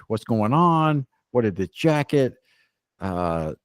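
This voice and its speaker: A man with a lowish voice chats casually with friends, rambling through restarts in a playfully judgmental way. The sound is dry and close, with no room around it. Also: sing-song, unhurried, dry recording. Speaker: co-host. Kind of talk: casual group chat.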